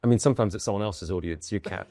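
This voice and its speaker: A man from the UK, a comedian and guest, telling stories in lively conversation and acting out what people said. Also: on the low side, no echo. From United Kingdom. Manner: quick, lively storytelling with acted-out quotes and bursts of laughter. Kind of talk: animated conversational storytelling.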